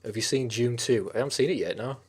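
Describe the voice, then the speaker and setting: A man's voice: mid-range voice, fast, darkish tone, breathy edge. Young man, livestream host, rambling chatty talk, faint background music. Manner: rambling, many fillers and restarts, chatty with viewers. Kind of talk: casual rambling livestream chat.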